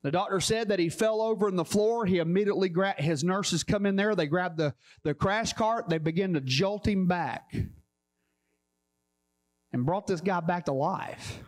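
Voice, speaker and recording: A high-voiced man preaches a sermon as a pastor. He tells a story and drives each point home by repeating his phrases. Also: normal speed. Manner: emphatic, repetitive storytelling.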